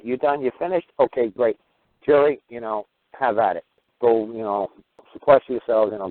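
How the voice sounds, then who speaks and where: A man's voice: mid-range voice, no room sound. A man hosting a radio talk show, telling long rambling stories and acting out what others said. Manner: rambling, animated storytelling with acted-out quotes. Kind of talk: casual call-in radio talk. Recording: tinny phone-line audio.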